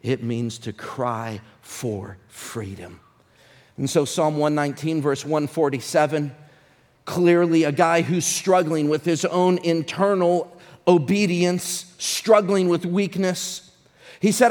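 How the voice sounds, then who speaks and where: A man preaching a sermon, swinging between shouted appeals and hushed, whispered prayers. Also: high voice, a little slow, in a large hall.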